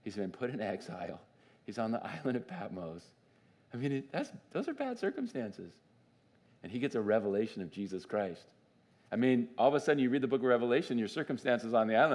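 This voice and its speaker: In a church sanctuary, a pastor preaches a sermon at a brisk pace in a medium-pitched voice. He's animated and conversational, frequently asking the congregation questions.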